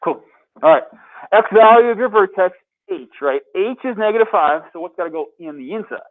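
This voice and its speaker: A man with a fairly high voice teaches math to a classroom, upbeat and constantly quizzing his students. The sound is thin and tinny, like a phone line. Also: lively intonation, brisk. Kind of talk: classroom lecture. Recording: tinny phone-like lecture capture.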